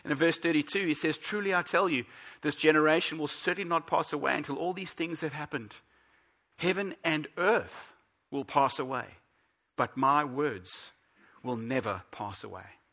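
A man preaching a sermon as pastor, earnest and emphatic, slowing down to stress the scripture he quotes. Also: on the high side, sharp tone.

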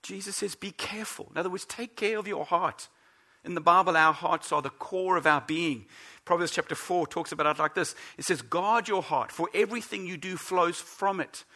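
A man preaching a sermon as pastor, earnest and emphatic, slowing down to stress the scripture he quotes. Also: high voice, bright, forceful tone.

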